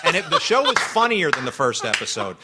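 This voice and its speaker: A man's voice: a little high, big pitch swings, brisk, heavy background noise. A man chatting as a podcast guest, telling a rambling anecdote full of restarts and self-interruptions.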